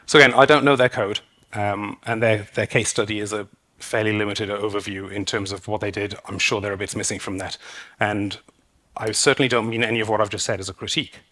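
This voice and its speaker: A man with a fairly low, husky voice gives a conference talk. He rambles a little, pausing on fillers and restarting his sentences as he explains. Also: fairly even intonation, sharp tone. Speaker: conference speaker. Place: conference stage.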